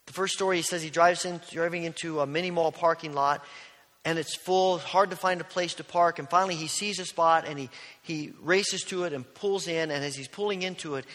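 A male pastor preaching a sermon, telling stories earnestly and dropping to a hush on key lines. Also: on the high side. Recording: long reverb of a large hall.

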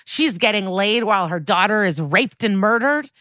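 A woman's voice: mid-range voice, normal speed, dry recording. A woman co-hosting a podcast, recapping a crime TV episode in casual chat, quoting characters and swearing freely. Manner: swearing, lively recap with quoted dialogue.

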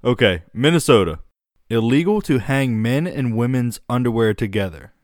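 A man's voice: medium pitch, animated, moderate pace, darkish tone, no room sound, studio quality. A man co-hosting a casual comedic chat, laughing often and slipping into put-on regional voices.

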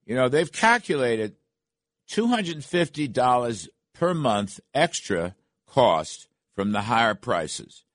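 A man's voice: medium pitch, very animated, slow pace, dry recording. An older man hosting a radio talk show, delivering an emphatic opinion monologue from a studio, with restarts along the way. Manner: emphatic, rising to indignant questions, frequent restarts.

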